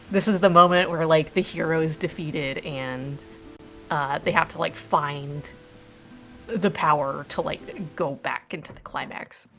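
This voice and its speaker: A woman's voice: sits low, faint music behind. Chatty woman riffing on a movie. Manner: quick, animated, joking, full of fillers. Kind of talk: casual chat.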